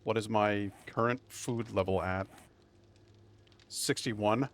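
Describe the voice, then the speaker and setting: A man's voice: fairly low pitch, takes it slowly, slight background noise. Wry, chatty man streaming a game. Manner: wry, chatty, talks to himself. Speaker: streamer playing a survival game. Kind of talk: casual gameplay commentary.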